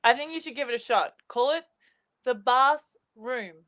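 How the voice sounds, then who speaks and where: A woman's voice: fairly high pitch, racing, a bit bright, natural voice. A woman playing a brash, bossy survivalist in an improvised comedy show, teasing and giving orders.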